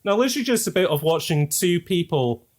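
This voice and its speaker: A man's voice: on the high side, very animated, quick pace, darkish tone. A man hosting a casual podcast chat, chatty and laughing often, with lots of fillers. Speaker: podcast host.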